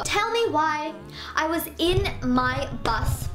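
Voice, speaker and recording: Chatty young woman, high voice, echoey. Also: expressive, takes it slowly. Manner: chatty, full of "like", acts out other people's lines. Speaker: vlogger. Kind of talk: casual storytime. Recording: echoey room with faint music.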